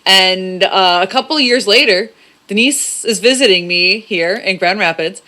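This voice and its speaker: A woman's voice: medium pitch, normal speed, pushed and bright. A woman on a podcast panel, chatting casually and telling a story with lots of giggles. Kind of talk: casual chat.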